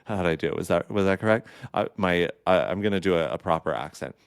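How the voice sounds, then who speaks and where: A man's voice: sits low, fast talker, creaky, clear, resonant tone, no echo, clean studio sound. A man hosting his own podcast, chatting alone in a playful, campy way with a caffeinated energy. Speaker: podcast host. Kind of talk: casual solo podcast chat.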